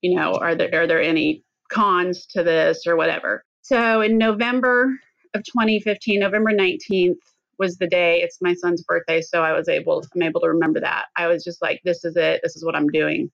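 Earnest woman guest, slightly low, muffled. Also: flat delivery, fairly quick, vocal fry, no echo. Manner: earnest, candid, at times choked up. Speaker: podcast guest. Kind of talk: personal story in an interview.

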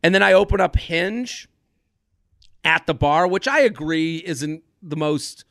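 A young man hosts a relaxed podcast chat, his voice pitched high with a gravelly edge. He rambles through stories, backing up and restarting his sentences. The sound is dry and close. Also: measured pace, dry recording. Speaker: podcast host.

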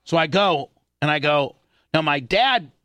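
A man's voice: on the high side, lively intonation, unhurried, bright, forceful tone, dry recording. A man hosting a talk show, telling a rambling, profane childhood story full of restarts. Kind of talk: casual storytelling.

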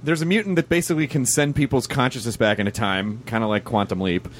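A man hosting a casual interview, excitable and animated, who swears freely as he tells stories. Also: medium pitch, fast, slight background noise. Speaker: interview host.

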